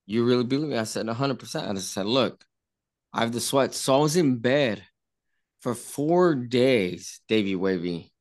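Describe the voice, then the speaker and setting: A man's voice: medium pitch, animated, normal speed. A man at a party telling a long story in a rambling way, repeating himself and acting out what others said. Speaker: party guest. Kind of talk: casual storytelling. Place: indoor party room.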